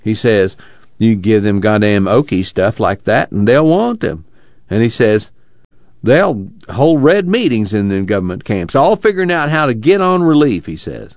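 A man's voice: lowish voice, sing-song, normal speed, darkish tone, no echo. A man doing a stout, indignant camp worker. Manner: rural drawl, storytelling, cussing. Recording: dull lo-fi dry recording.

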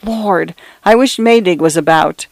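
A man's voice: sits high, measured pace, vocal fry, no echo. A man doing a flustered little everyman with a feeble voice. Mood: anxious commanding. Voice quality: feeble, small voice. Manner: plain-spoken, homely, ungrammatical speech. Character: flustered small ordinary man, bewildered and anxious.

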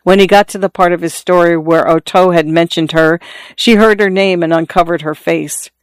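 Audiobook narrator, measured storytelling, mid pitch, smooth clear voice, dry close recording. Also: steady tone, dry recording.

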